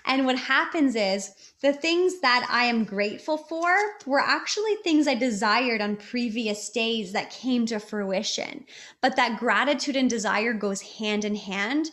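A woman's voice: on the high side, a little slow, fairly bright tone. A woman hosting a podcast, giving upbeat motivational advice in a chatty way, with many fillers and restarts. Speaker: podcast host. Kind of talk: casual motivational talk.

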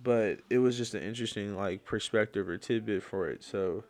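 A young man hosts a casual solo podcast, telling rambling stories packed with slang and fillers. His voice is on the low side at a normal speed, and he gets loud and worked up when he rants.

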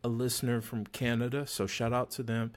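A man hosts a podcast in a relaxed, joking way, loose with his slang and a little tipsy from drinks. His voice sits at an ordinary middle pitch. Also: a little fast. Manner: laid-back, slangy, joking. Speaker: podcast host. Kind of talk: casual chat.

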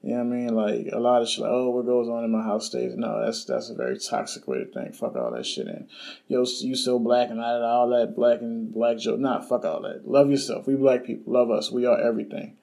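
Blunt young man, mellow solo podcast talk. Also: mid-range voice, a little fast, creaky, poor audio. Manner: casual, blunt, swears freely, many fillers. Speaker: podcast host.

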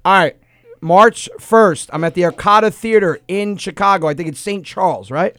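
Young male comedy radio host, playful and teasing, high voice, dry close sound. Casual call-in banter. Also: a bit bright, no echo. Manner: teasing, quick, swears freely. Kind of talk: casual banter, taking calls.

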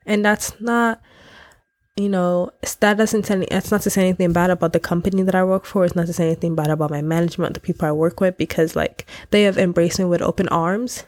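A woman's voice: fairly low pitch, fairly even intonation, fast talker, a little mellow, no echo. A young woman from Nigeria hosting her own podcast, chatting casually and candidly with slang and laughter, her voice nasal and congested. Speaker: podcast host. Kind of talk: casual solo podcast chat.

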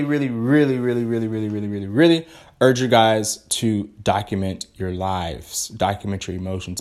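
Profane, rambling man with a lively pitch. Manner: rambling, profane, jumps into high playful tones; eating while talking. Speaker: podcast host. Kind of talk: casual solo podcast monologue.

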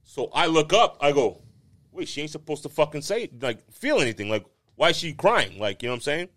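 A man's voice: a little high, sing-song, a little fast, fairly bright tone. A man co-hosting a casual podcast, telling a long story with plenty of swearing and laughter. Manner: storytelling, swearing, laughing through a sad tale. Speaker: podcast co-host.

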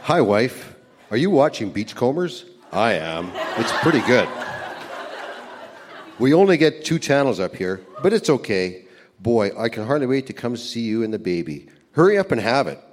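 A man's voice: mid-range voice, sing-song, normal speed. An older man reading his old letters aloud to an audience in an earnest, plain way. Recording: background noise.

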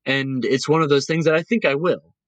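Man, podcast guest, fairly high voice, animated storytelling, emotional, dry close mic. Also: a little fast, no echo, highs cut off. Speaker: guest, cruise line cast member.

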